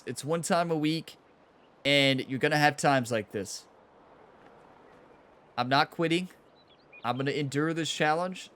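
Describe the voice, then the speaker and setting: A young man runs his own golf video game channel, talking casually as he plays, his voice a little high. He laughs a lot and swings between frustration and excitement.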